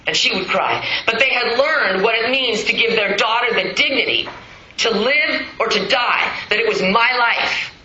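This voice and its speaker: A middle-aged woman giving a raw, blunt personal testimony at a recovery meeting, swearing freely and swinging between loud bursts and hushed lines. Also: fairly high pitch, animated, normal speed, roomy sound, lo-fi sound, a little hiss or hum. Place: meeting hall.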